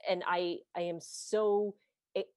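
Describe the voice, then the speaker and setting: A woman host asks gentle questions in a slightly low voice, full of enthusiasm, often stopping and restarting her sentences. The recording is dry and close. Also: steady tone, dry recording. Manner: warm, effusive, halting restarts. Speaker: podcast host. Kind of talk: conversational interview.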